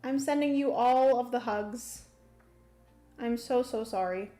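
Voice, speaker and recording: Streamer host: chatty woman at home, somewhat high voice, unhurried delivery, easygoing commentary. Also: mellow, faint music behind. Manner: chatty, fills with hums and ums. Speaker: board game streamer. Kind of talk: casual livestream commentary.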